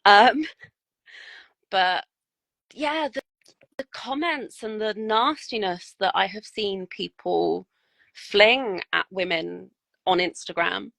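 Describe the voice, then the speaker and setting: A woman's voice: medium pitch, slow, creaky, pauses often, a bit bright, dry recording, poor audio. A woman, a guest miniature painter, chatting bluntly and frankly on a podcast and swearing freely. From United Kingdom. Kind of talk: casual podcast chat.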